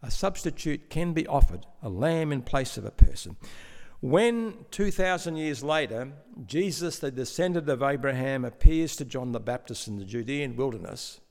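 A man preaching a sermon in a measured, explanatory way, with some stammering restarts. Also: medium pitch, animated, vocal fry, darkish tone. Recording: long hall reverb.

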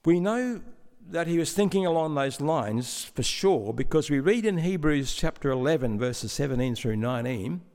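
A man preaching a sermon in a measured, explanatory way, with some stammering restarts. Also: fairly high pitch, expressive, darkish tone. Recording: long hall reverb.

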